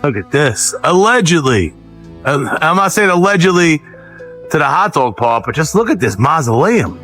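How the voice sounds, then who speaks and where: A man hosting, giving casual reaction commentary with wry, drawn-out quips. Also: on the high side, sing-song, fairly bright tone, faint music behind. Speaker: host.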